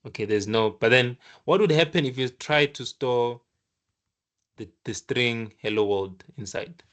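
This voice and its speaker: A man teaching a programming lesson while sharing his screen, speaking casually with frequent restarts and lively acted-out asides. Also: mid-range voice. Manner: casual and animated, acts out the computer scolding in quick asides; halting restarts while thinking aloud. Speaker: programming tutor. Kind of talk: screen-share coding lesson.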